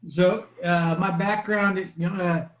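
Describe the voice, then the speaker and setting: A middle-aged man, a guest on a podcast, describing his corporate background in a measured way. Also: sits high, steady tone, rough recording. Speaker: podcast guest, business consultant. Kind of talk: casual interview.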